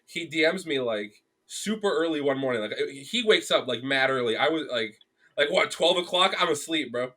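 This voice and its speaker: A young man with a bright, forward voice tells a story in easygoing podcast chat. He acts out what people said, full of "like" and quick restarts. His pitch sits mid-range for a man. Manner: animated storytelling, acts out quotes, many fillers. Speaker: podcast guest, graphic artist. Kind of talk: casual chat.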